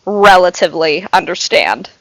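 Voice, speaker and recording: A woman's voice: on the low side, expressive, normal speed, fairly bright tone, no echo, rough recording. A woman co-hosting a casual podcast and explaining a trivia game in a dry, matter-of-fact way. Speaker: podcast co-host running trivia.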